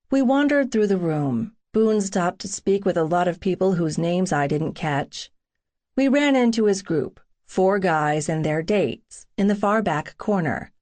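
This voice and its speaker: A woman narrating a first-person romance audiobook in an intimate, wry, unhurried reading. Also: fairly low pitch, lively intonation, a little mellow.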